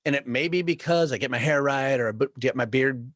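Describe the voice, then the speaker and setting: A man's voice: mid-range voice, brisk, no room sound. A man co-hosting a podcast, talking candidly and with self-mockery, cursing freely and acting out his own reactions. His voice sits in a middle range, heard up close in a dry space. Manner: candid, self-deprecating, swears, animated quoting. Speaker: podcast co-host. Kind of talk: casual chat.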